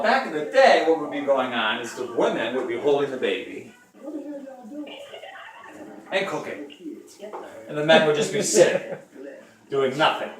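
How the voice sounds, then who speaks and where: High-voiced man rambling jokes in a kitchen. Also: fairly bright tone, reverberant, far from the mic. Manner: rambling, jokey asides to viewers. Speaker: home cooking show host. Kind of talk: joking cooking demonstration.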